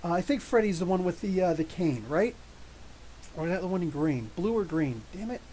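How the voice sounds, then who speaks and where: Male streamer, slightly higher voice, excitable and rambling, many restarts, live review chat. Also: a little fast, slight background noise. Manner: reads and answers live chat comments. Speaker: YouTube comics channel host.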